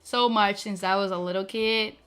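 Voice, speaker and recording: Fast-talking woman streamer, bright voice. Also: medium pitch, fairly even intonation, clean tone. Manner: fast-talking, full of "like" fillers. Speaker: streamer debuting a virtual avatar. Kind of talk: casual chat.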